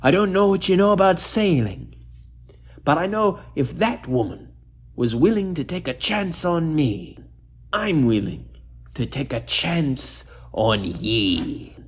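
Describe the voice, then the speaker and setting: A man's voice: a little high, expressive, slow, slightly rough, pitched above the performer's own voice, heavily acted. A man playing a lovestruck old sea captain who talks in old sailor speech and growls, in a storytelling piece. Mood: earnest.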